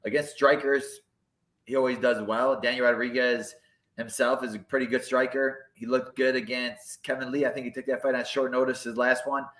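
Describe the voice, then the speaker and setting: A man's voice: medium pitch, little pitch movement, normal speed, fairly bright tone, roomy sound, rough recording. A man co-hosting a podcast, giving laid-back casual chat and plain fight analysis.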